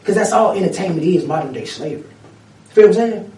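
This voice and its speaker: A man with a high voice holds forth in a profane, animated rant full of street slang. He sounds set back from the mic, and the room gives his voice a strong echo. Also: fast. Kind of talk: casual chat. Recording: echoey room, mic at a distance.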